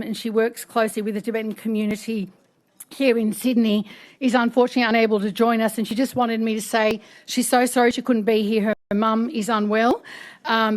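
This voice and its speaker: A middle-aged woman emceeing a public event, telling a personal story with many fillers and hesitations. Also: on the high side. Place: parliament function hall.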